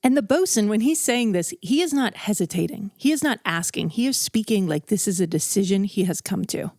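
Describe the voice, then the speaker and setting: A woman's voice: medium pitch, lively intonation, a little fast, a little mellow, dry recording, studio quality. Woman telling a campfire true story. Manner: conversational and vivid, with a dramatic build. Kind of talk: casual true-story narration. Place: outdoors around a campfire.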